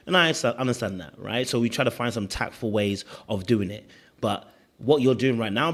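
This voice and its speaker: A man's voice: medium pitch, brisk. A man commenting at length on a reality show, reflective and often checking in with "you know what I mean". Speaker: panel co-host. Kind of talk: casual commentary chat.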